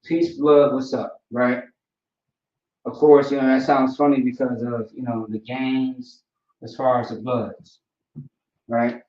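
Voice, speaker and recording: A man teaching a language class in a casual, relaxed way, often checking in with "right?" and "you know". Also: medium pitch, slow pace, pauses often. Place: classroom, writing on a board. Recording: roomy, distant, dull lo-fi sound.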